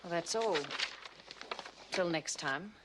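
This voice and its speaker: A woman's voice: on the low side, takes it slowly. An actress playing a businesslike female prison officer in a 1980s soap, heard as distant TV audio. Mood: brisk. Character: brisk female prison officer handling releases. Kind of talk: 1980s soap opera acting.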